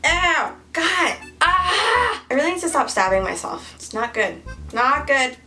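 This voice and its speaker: Playful high-voiced woman vlogger. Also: expressive, fairly quick, bright, forceful tone, far from the mic, soft background music. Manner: playful, goofy, breaks into silly singing. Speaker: beauty vlogger. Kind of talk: casual makeup tutorial chat.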